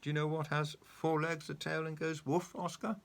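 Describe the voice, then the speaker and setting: A man reading a children's story aloud, animated and coaxing, stopping to ask the child questions. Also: a little high, normal speed, creaky.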